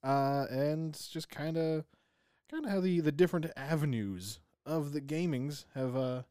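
A man's voice: a little high, measured pace, mellow, smooth, no room sound, studio quality. A man co-hosting a podcast in casual chat, stammering through restarts and cracking crude jokes. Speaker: podcast co-host.

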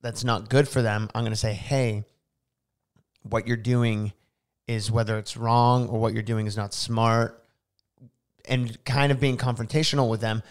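Earnest man with a smooth voice. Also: mid-range voice, level tone, unhurried. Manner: earnest, lots of "like" fillers. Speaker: podcast co-host. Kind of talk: casual podcast chat.

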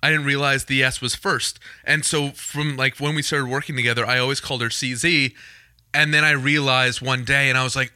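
A man from Canada co-hosting a casual podcast, joking quickly and laughing often. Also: mid-range voice, steady tone, bright, forceful tone, no echo, studio quality. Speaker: podcast co-host.

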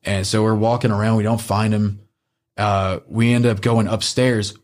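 Animated, swearing man telling a story. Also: on the low side, normal speed. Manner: animated, swears often, acts out quotes. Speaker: podcast storyteller. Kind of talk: casual storytelling.

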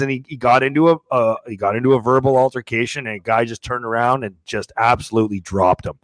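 Guy hosting a hockey podcast, blunt and loud when he gets going, dry close mic. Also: mid-range voice, a little fast, no echo. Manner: blunt, gets loud and emphatic telling stories. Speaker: podcast host. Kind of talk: casual chat.

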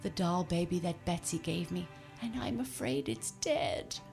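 A woman's voice: low-pitched, animated, unhurried, creaky, darkish tone, faint music behind, heavily acted. Woman doing a timid, lonely scarecrow. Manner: timid and plaintive. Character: meek lonely male scarecrow.

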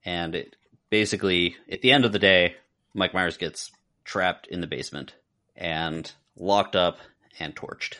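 A man's voice: sits low, measured pace, pushed and bright. A man co-hosting a casual podcast, reviewing a film in a loose, rambling way with fillers and restarts. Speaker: podcast co-host. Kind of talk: casual movie review chat.

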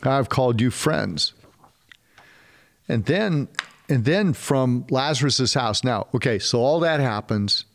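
A man preaching a sermon in a casual, animated way, with slangy asides to his listeners. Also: medium pitch, takes it slowly. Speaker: pastor.

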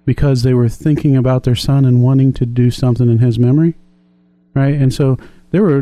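Calm man, very dark voice. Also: medium pitch, no room sound. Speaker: co-host. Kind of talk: faith discussion.

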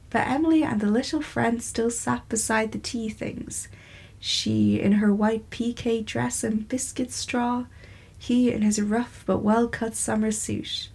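Slow, husky woman reading a story. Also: mid-range voice, darkish tone. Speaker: audiobook narrator.

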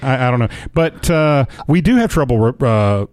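A man's voice: medium pitch, lively intonation, moderate pace, darkish tone, no echo. A man co-hosting a comedy podcast, teasing and mock-grumpy in casual chat, close to the mic. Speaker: podcast co-host.

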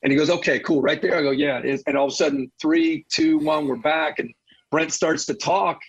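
A middle-aged man and football analyst, telling animated stories as a guest, laughing often and restarting his sentences. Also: a little high, brisk, husky, lo-fi sound. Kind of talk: casual storytelling interview.

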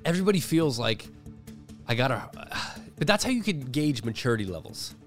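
A man co-hosting a podcast in casual chat, animated, laughing often and acting out the voices he quotes. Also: on the high side, brisk, soft background music. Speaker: podcast co-host.

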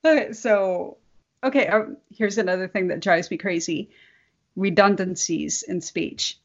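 A woman's voice: medium pitch, measured pace, dull audio. A woman co-hosting a podcast in casual chat, laughing often and correcting herself as she talks. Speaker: podcast co-host.

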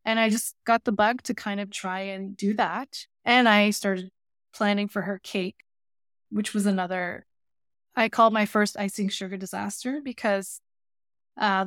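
A woman, a baker and teacher, telling lively anecdotes as an interview guest. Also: medium pitch, no echo, clean studio sound. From Canada. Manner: lively anecdotal storytelling with voiced asides. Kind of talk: casual interview storytelling.

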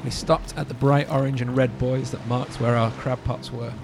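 A man's voice: medium pitch, normal speed, noisy background. A man hosting a podcast, reading a spooky story aloud with joking asides. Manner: animated, joking asides between narration. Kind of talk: casual storytelling read-aloud.

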